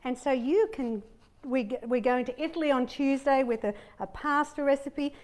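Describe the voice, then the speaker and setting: Chopping and frying in her home kitchen, a middle-aged cooking-show host chats cheerfully with viewers in a casual demo. She speaks at a normal speed in a high-pitched, darkish-toned voice, with a sizzling pan and kitchen clicks behind her.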